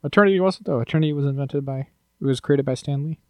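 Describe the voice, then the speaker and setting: A man's voice: mid-range voice, fast, darkish tone, dry recording. A man co-hosting a podcast in casual chat, chatty and joking as he thinks aloud. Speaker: podcast co-host.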